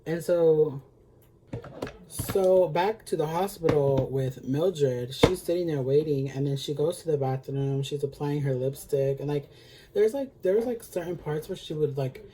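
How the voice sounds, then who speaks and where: A man's voice: on the high side, a little slow, mellow, slight background noise. A man recapping a TV episode in a chatty, sassy way, with lots of filler words and free swearing. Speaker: beauty vlogger.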